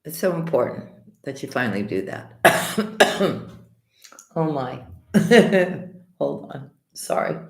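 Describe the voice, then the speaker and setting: A woman tarot reader chats through a live stream in a lowish voice with a slight hoarse edge. She greets viewers one by one and calls them sweetheart and honey. The sound bounces around an echoey room. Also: very animated, slow, long pauses. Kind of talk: casual live-stream chat and tarot reading.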